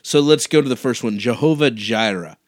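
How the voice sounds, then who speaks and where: A man's voice: mid-range voice, brisk, no room sound, clean studio sound. A man co-hosting a casual Bible study chat, often chiming in with short agreement. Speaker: co-host.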